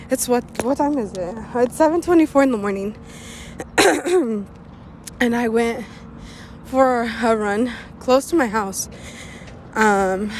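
A woman's voice: on the high side, a little mellow, slight background noise. A young woman hosting her own talk show, rambling candidly and swearing freely, a little out of breath after a run. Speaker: podcast host. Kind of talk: casual personal monologue.

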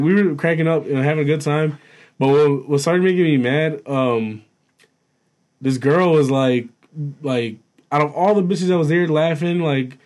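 Animated young man telling a story. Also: fairly high pitch. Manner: animated storytelling, heavy swearing and laughter. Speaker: storyteller among friends. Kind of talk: casual chat.

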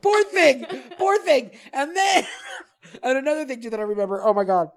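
An animated woman telling family stories in casual conversation. Her pitch swoops up and down as she laughs her way through the tales and slips into little voices for the people in them. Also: brisk. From small town in an Italian American family. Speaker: guest. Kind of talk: casual chat, animated storytelling.

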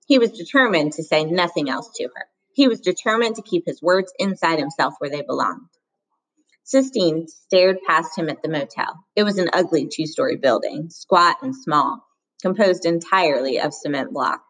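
A woman reading a children's novel aloud in measured, steady audiobook narration. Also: sits low, poor audio. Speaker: reader.

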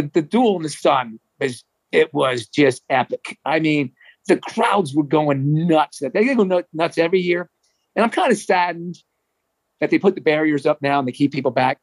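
A middle-aged man from New Jersey, a former marathon runner, telling a story in a chatty, animated way. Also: on the high side, no echo, poor audio. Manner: animated, chatty, frequent restarts and laughs. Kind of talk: casual storytelling.

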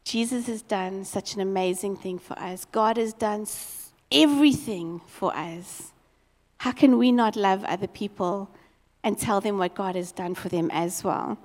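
A woman preaching a sermon as a lively, expressive storyteller. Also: mid-range voice, a little slow, long reverb tail.

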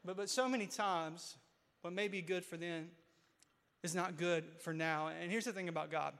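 A man in his thirties preaching a sermon as pastor, repeating key lines and building to loud, emphatic peaks. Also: high voice, moderate pace, vocal fry. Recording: hall reverb.

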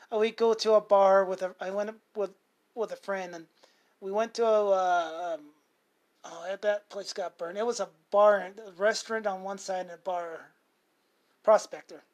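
Rambling, profane man telling a story. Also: high-pitched. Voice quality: rambling, with many self-corrections and fillers. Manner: swears freely. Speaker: show host. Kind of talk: unscripted casual monologue.

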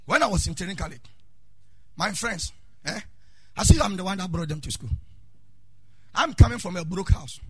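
A middle-aged Ghanaian man preaching a sermon as pastor, calling out to the congregation, shouting in a sing-song way and telling stories from his own life. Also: high-pitched, lively intonation, moderate pace, long pauses, slightly rough, dry recording.

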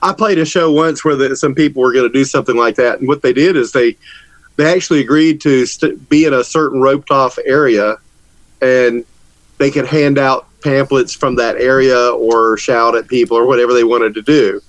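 A man's voice: medium pitch, steady tone, normal speed, no room sound, rough recording. A man from Georgia, a band musician, chatting casually in an interview and joking with frequent laughs. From Georgia, USA.

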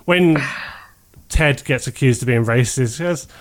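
Brief: man, mid-pitched, casual podcast co-host, eager and laugh-prone. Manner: enthusiastic, laughs often, breaks into quick impressions.

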